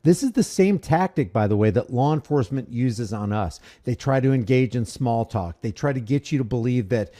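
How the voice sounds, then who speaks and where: A man in casual commentary, talking in a deliberate and critical way. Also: mid-range voice, lively intonation, dark tone.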